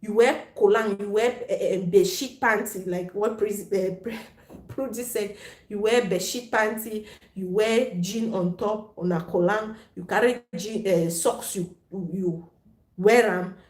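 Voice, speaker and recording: A woman's voice: mid-range voice, measured pace. Frank, laughing woman in an echoey room. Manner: frank and playful, laughs often, mixes Pidgin into English. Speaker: host of a live chat stream. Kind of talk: casual chat with viewers.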